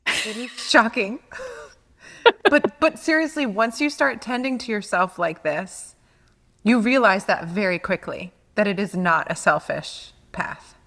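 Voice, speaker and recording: A woman's voice: medium pitch, a little slow, a bit bright, long reverb tail. A woman co-hosting a reflective podcast, searching for words as she reflects. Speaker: podcast co-host. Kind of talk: reflective conversation.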